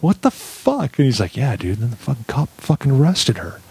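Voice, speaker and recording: Profane, animated male storyteller. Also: mid-range voice, fast, slightly rough. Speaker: podcast co-host. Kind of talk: casual storytelling chat.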